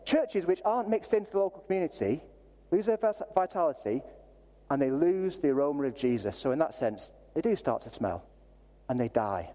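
Animated preacher in a reverberant hall. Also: male voice, fairly high pitch, fairly quick. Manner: animated, conversational, self-deprecating asides. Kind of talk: sermon.

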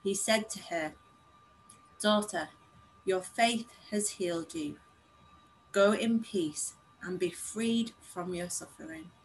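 Woman reading scripture slowly. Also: medium pitch, lively intonation, a little hiss or hum, low-quality recording. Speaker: scripture reader. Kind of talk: reading aloud.

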